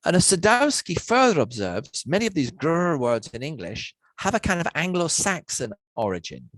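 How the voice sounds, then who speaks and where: Give me a man lecturing at university, measured and methodical, with a lively, varied pitch. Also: no echo, rough recording. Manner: measured, spells out word lists one by one. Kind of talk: academic lecture. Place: online lecture.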